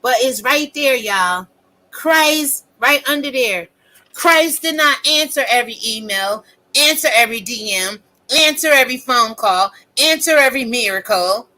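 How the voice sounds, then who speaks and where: A woman with a fairly high, pushed and bright voice delivers a casual vlog rant at a measured pace with lively intonation. Fiery and preachy, she quotes scripture and curses a lot, all on a low-quality recording.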